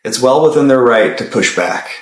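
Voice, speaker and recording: A man's voice: medium pitch, expressive, moderate pace, roomy sound. A man giving firm, lecturing political commentary.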